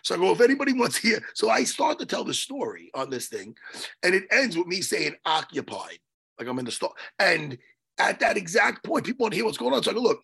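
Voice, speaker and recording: A man telling a story on a podcast in a casual, animated way, swearing and loudly acting out what people said. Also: high-pitched, quick pace, creaky, husky. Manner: animated, swearing, acts out his own quotes loudly. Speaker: podcast co-host.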